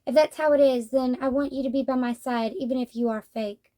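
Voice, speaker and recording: A woman's voice: high voice, steady tone, brisk, warm tone, lightly acted. A woman voicing a blunt, plain-spoken, grieving rural teenage boy, read from a manga.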